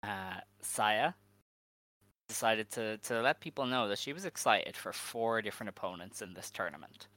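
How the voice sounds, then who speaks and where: A man's voice: fairly low pitch, moderate pace, bright, forceful tone. A man co-hosting a casual chat, recounting events with many fillers. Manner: storytelling with many fillers, laughs through. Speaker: podcast co-host.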